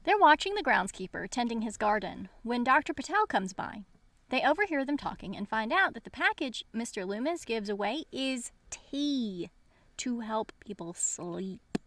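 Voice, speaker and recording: A woman's voice: on the high side, very animated, a little fast, fairly bright tone, dry recording. A woman co-hosting a podcast, casually recapping a novel's plot with playful asides. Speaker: podcast co-host. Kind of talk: casual book discussion chat.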